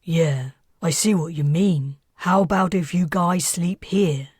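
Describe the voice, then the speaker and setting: A woman reading aloud, voicing a casual, blunt young male fleet officer who shouts to be heard. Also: on the low side, measured pace, slightly rough, no echo, studio quality.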